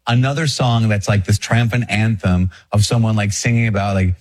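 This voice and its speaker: A man, a Catholic priest, talking casually to camera, chatty and self-deprecating with animated asides. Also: lowish voice, normal speed. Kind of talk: casual video talk.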